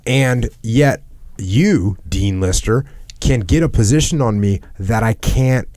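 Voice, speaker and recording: A man with a very low voice hosts a podcast in relaxed conversation. He talks in a measured, deadpan way and teases dryly. The sound is close and dry, with no room echo. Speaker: podcast host. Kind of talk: casual chat.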